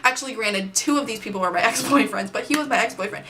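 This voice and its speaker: A young adult woman telling a story on her vlog, chatty and animated, with plenty of filler words. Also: fairly high pitch, quick pace, background noise. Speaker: vlogger. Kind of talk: casual storytime.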